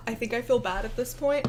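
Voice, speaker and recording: A young woman hosting a casual commentary video, sarcastic, profane and quick to laugh. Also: a little high, a little hiss or hum.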